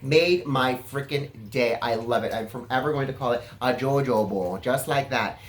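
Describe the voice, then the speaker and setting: A man's voice: medium pitch, normal speed. A man from California giving a casual, self-assured vlog monologue, chatty and flamboyant in manner. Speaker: political vlogger.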